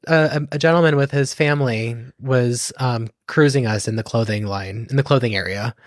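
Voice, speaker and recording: A man's voice: mid-range voice, moderate pace, dry recording, clean studio sound. A man co-hosting a podcast in casual chat who rambles, restarts his sentences and laughs easily. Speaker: podcast co-host.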